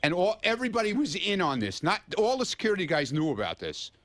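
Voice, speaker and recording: A man's voice: high-pitched, sing-song, quick pace, fairly bright tone, no room sound. A man, a regular on a radio show, telling a story animatedly and defending himself against teasing. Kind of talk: casual radio banter. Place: radio studio.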